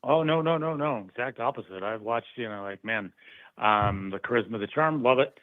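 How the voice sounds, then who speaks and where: A man's voice: medium pitch, moderate pace, no room sound. A man who manages a sales team, speaking in a friendly, matter-of-fact way on a phone call. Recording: tinny dry phone line.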